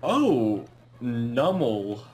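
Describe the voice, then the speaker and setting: A man's voice: mid-range voice, sing-song, drawn-out words, a little mellow, faint music behind. A man co-hosting a let's play, chatting hesitantly with lots of ums and giggling. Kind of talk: casual gaming commentary.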